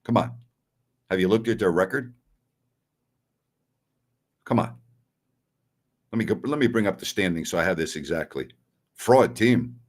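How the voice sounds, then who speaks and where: A middle-aged man hosting a sports talk stream, answering viewer messages bluntly and with strong opinions. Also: fairly low pitch. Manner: blunt and opinionated, scoffs at callers.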